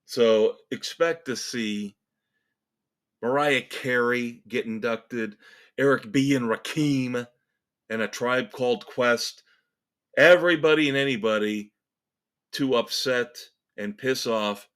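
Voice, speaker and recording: A man with a mid-range, slightly bright voice takes his time as he hosts a music podcast. His solo rant is opinionated, sarcastic, exasperated and emphatic.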